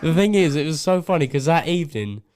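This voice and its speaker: A young man, co-hosting a podcast, chatting casually and quick to laugh. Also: a little high, expressive, a little mellow, clean tone. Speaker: podcast co-host. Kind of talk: casual chat.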